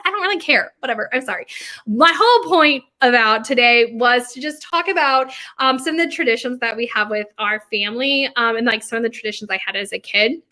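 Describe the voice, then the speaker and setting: Chatty bright-voiced woman. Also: on the high side. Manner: chatty, laughing, rambling asides; talking quietly at times. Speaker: vlogger and bakery owner. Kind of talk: casual chat.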